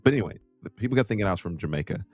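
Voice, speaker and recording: A man's voice: fairly low pitch, racing, no room sound, dull audio, soft background music. A man from the United States hosting his own show, telling travel stories in a casual, jokey way. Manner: animated, jokey, puts on voices in quotes. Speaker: host. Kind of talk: casual storytelling.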